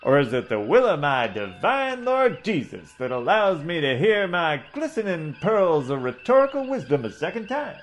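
A man's voice: on the high side, big pitch swings, moderate pace, hardly any pauses, slight background noise. A man voicing a pompous old male ship's doctor, talking in florid, preachy oratory in a comedy audio parody.

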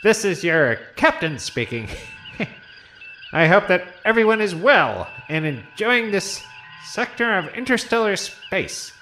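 A man's voice: a little high, big pitch swings, normal speed, sharp tone, soft background music, low-quality recording. A man voicing a giggly, distractible male starship captain in a comedy audio play. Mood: giddy. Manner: giggling, chatty. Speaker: voice actor.

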